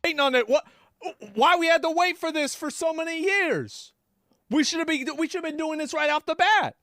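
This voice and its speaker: A woman's voice: high-pitched, expressive, a little fast, a bit bright, dry recording, studio quality. A woman ranting crudely and heatedly in a clip.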